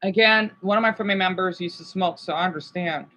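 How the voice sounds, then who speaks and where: A man on a casual livestream, talking to his chat in a halting, rambling, sympathetic way with many restarts. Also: high-pitched, pushed and bright, rough recording. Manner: sympathetic and emotional.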